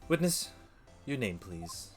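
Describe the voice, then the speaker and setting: A man's voice: medium pitch, big pitch swings, takes it slowly, soft background music. A man putting on a smug, cold prosecutor. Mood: haughty.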